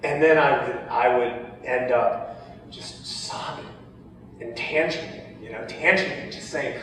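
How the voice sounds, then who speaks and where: Man storyteller, halting and emotional, mid pitch, recorded from afar in a reverberant hall. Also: pushed and bright, slight background noise. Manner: halting, emotional, many restarts. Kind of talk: personal storytelling. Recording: echoey hall, heard from far off.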